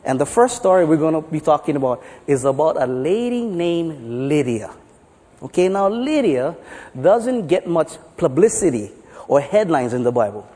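A man's voice: a little high, normal speed, long reverb tail. A man preaching a sermon, telling stories in a playful way. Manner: storytelling, playful, lively. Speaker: pastor. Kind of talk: sermon with jokes.

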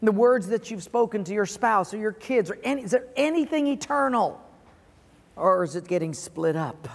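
A man's voice: high voice, in a large hall. A man preaching a sermon to a congregation in an auditorium, telling an earnest story and then drawing a lesson from it. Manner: earnest, storytelling, chuckles at his own punchline. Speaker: pastor. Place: large auditorium.

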